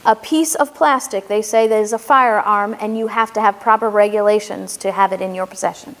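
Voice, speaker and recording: A woman's voice: medium pitch, steady tone, a little fast, fairly bright tone. A woman giving an emphatic history lecture at a venue, telling the events as a story to her audience. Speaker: speaker and educator. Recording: echoey hall reverb.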